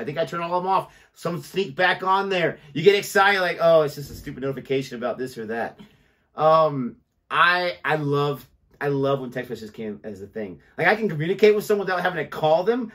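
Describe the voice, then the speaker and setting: Chatty man reacting casually. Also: fairly high pitch. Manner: relaxed, chatty, frequent "like". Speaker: reaction video host. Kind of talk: casual chat.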